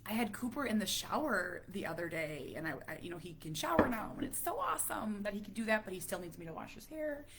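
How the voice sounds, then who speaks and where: A woman around forty talking to camera as a parent vlogger, halting and emotional, dropping to a near whisper at heavy moments. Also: mid-range voice, very animated, noisy background. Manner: halting, emotional, many restarts. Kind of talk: casual talk to camera.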